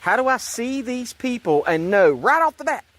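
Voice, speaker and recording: A man's voice: extremely high pitch, very animated, moderate pace, fairly bright tone. A man ranting in a sarcastic, repetitive way about religion and politics, rambling and restarting his sentences. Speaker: online commentator.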